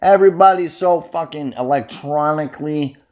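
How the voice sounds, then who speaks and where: A man's voice: a little high, normal speed, darkish tone. A man ranting angrily and off the cuff at home, swearing constantly and rambling into his phone. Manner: angry, heavily profane, rambling. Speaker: vlogger. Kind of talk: unscripted profane rant. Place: indoors at home, seated.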